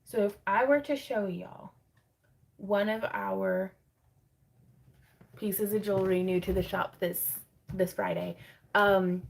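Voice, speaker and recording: Chatty gravelly-voiced woman hosting a craft livestream. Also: mid-range voice. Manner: chatty and rambling, laughs often, many fillers. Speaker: craft shop owner hosting a livestream sale. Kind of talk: casual livestream chat, reading viewer comments. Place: home craft room.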